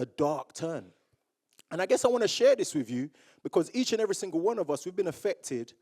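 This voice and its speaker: A young man from Jamaica giving a motivational speech to a live audience, telling his story in a lively way and acting out old conversations. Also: fairly high pitch. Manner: animated storyteller who acts out remembered dialogue. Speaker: public speaker. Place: awards event room with audience.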